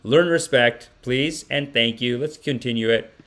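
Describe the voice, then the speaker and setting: A man hosting a casual livestream podcast, reacting to clips with lively joking commentary, laughing often and talking straight to his chat. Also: mid-range voice, a little slow.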